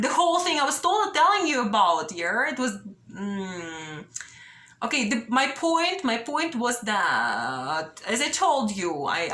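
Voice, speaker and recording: A woman's voice: on the high side, bright, forceful tone, roomy sound. A young woman vlogging straight to camera, pleading and anxious, ending many sentences with a questioning "yeah?". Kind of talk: direct-to-camera personal appeal.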